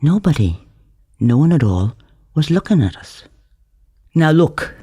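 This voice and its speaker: A man's voice: medium pitch, sing-song, normal speed, dark tone, husky, no room sound, clean studio sound. A man reading his own novel aloud in a wry, vivid storytelling manner. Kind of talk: audiobook narration.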